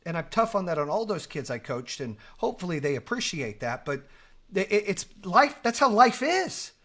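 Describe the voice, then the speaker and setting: A middle-aged man hosting a podcast, telling a story in a casual, animated way, swearing and acting out the lines he quotes. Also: high voice, normal speed. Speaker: podcast host.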